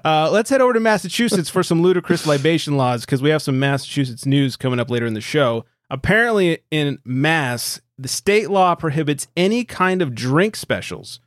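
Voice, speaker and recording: A man's voice: fairly high pitch, expressive, normal speed, few pauses, dry recording. Brief: male podcast host, thirties, easygoing and profane, dry close sound. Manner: laid-back, swears casually, laughs often. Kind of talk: casual chat.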